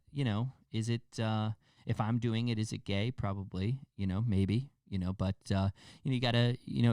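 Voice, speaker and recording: A man's voice: mid-range voice, darkish tone, smooth, no room sound, studio quality. A man hosting a casual solo podcast, rambling loosely with lots of fillers and casual swearing. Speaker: podcast host.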